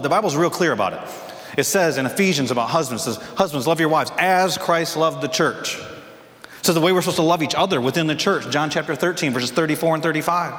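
Animated pastor preaching in an echoey hall. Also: male voice, fairly high pitch. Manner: animated storytelling, acts out movie lines. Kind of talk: sermon. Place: church sanctuary.

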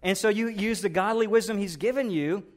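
A male pastor preaching a sermon in a conversational, animated storytelling way. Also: sits high, fairly quick.

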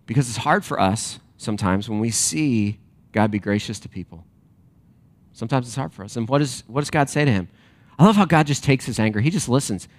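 A man preaching a sermon to a congregation, animated and emphatic, then dropping to quiet reflective questions. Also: mid-range voice, fairly quick. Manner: direct address to a congregation with rhetorical questions. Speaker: pastor.

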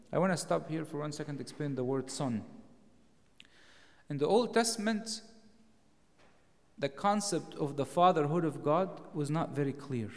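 A man preaching a sermon in a church, explaining scripture and rising to louder emphasis on key phrases. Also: a little high, long reverb tail.

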